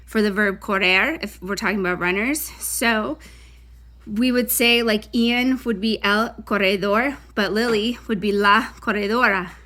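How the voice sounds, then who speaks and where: A woman's voice: medium pitch, steady tone, measured pace, sharp tone. A woman Spanish teacher giving a recorded lesson, chatty, correcting herself, with Spanish terms mixed into her English.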